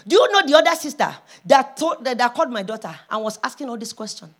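A pastor's wife preaching a sermon, moving from hushed storytelling to loud, impassioned calls. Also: female voice, high voice, expressive, fairly quick, few pauses.

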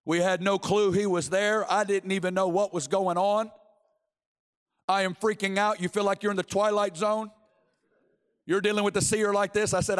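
A preacher from Arkansas, telling a story in an animated sermon that builds to shouting. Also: male voice, high-pitched, normal speed, clean tone. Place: large church. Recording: long church hall reverb.

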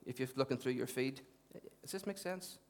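A man preaching a sermon as pastor, chatty and lively with joking asides, then reading Scripture aloud. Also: medium pitch, normal speed.

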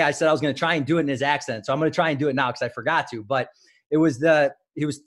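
A man in his thirties from Illinois, a former wrestler, telling stories as a guest in a casual interview, with many fillers and restarts. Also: mid-range voice. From Highland Park, Illinois.

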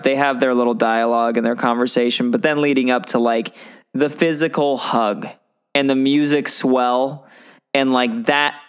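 A man's voice: medium pitch, clear, resonant tone. A young man casually chatting about a film as a podcast co-host, rambling and playful. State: teary.

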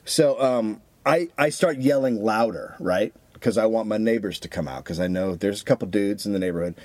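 On a dry recording, a man with a fairly low voice talks at a moderate pace. As a podcast co-host, he narrates a story casually and profanely, with animated reenactments of what people said.

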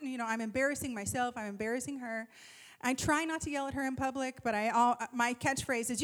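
A woman in her thirties giving an animated, self-deprecating talk to a church group, telling a personal story with humor. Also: high-pitched, normal speed. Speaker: speaker at a church gathering.

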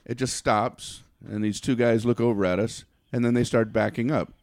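A man's voice: mid-range voice, fairly even intonation, darkish tone, no room sound, studio quality. A man casually telling a funny anecdote, stumbling over words and laughing as he goes. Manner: halting, repeats words, laughs through the story. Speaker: storyteller.

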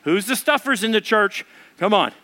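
A pastor preaching with a high, bright, ringing voice. He tells a comic story with lively energy and acts out every quote as he goes. He is a man in his thirties or forties, speaking as a storytelling preacher before his congregation. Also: normal speed. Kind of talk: storytelling sermon.

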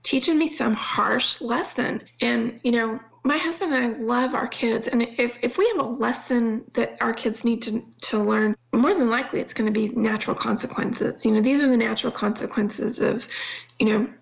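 A middle-aged woman talking earnestly about faith in a halting way, often restarting her sentences. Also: on the high side, fairly even intonation, gravelly, dull audio. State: near tears at times. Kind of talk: faith-based conversation.

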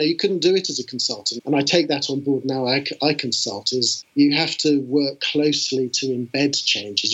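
British man, middle-aged, husky voice, animated interview guest, slightly dull recording. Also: mid-range voice. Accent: British English. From England. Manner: animated, enthusiastic, frequent fillers. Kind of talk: conversational storytelling. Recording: dull lo-fi sound.

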